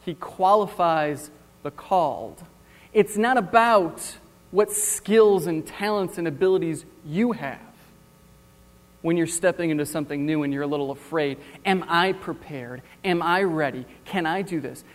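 A male preacher giving a sermon, retelling a Bible story in an animated, wry way. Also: on the high side, a little slow, in a large hall.

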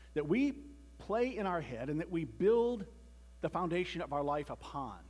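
A man's voice: fairly high pitch, breathy edge. A man giving a conversational sermon with joking asides and frequent restarts, reading a children's story aloud as part of it.

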